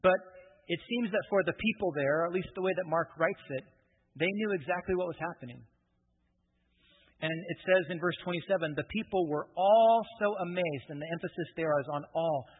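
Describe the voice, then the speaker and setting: A man's voice: on the high side, a little fast, breathy edge. A man preaching a sermon in a conversational way, explaining scripture with casual asides and humor. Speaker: pastor. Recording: tinny phone-like sound with long reverb.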